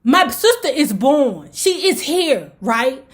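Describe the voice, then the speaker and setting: Woman, high-pitched, animated storyteller, playful, dramatic asides. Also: slow. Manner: dramatic, playful, shifts into high voices for quotes. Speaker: storyteller vlogger.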